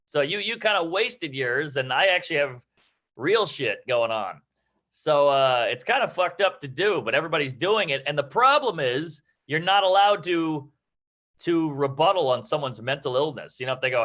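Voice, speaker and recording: A man's voice: medium pitch, expressive, normal speed, fairly bright tone. A man chatting loosely about writing jokes, rambling and swearing, acting out little quoted voices as he goes. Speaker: comedy teacher. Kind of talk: casual comedy-writing chat.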